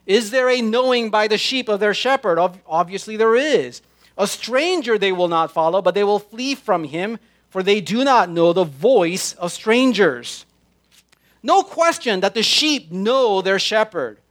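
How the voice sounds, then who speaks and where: A man preaching a sermon, slowing down and stressing his words as he quotes scripture. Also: high-pitched, animated, a bit bright. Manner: slow, emphatic preaching with drawn-out scripture quotes. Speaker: pastor.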